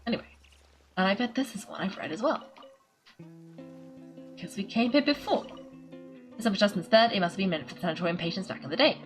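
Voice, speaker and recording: A woman's voice: medium pitch, animated, a little fast, long pauses, soft background music, low-quality recording. A woman hosting a game playthrough, chatting, giggling and poking fun at herself as she reads game text aloud. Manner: giggly, chatty and self-mocking. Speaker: gaming channel host. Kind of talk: let's-play commentary, reading game text aloud.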